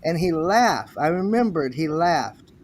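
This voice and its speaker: An American man chatting casually, telling a story and acting out quotes in an animated way. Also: a little high, a little slow. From United States. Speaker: livestream guest. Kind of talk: casual chat.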